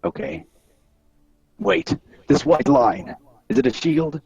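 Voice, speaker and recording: A man joins an online tabletop game, talking slowly in a gravelly, husky voice. He jokes and swears playfully as he works through his turn. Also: fairly high pitch, sing-song, a little mellow, dry recording, dull audio. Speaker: player. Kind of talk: casual game chat.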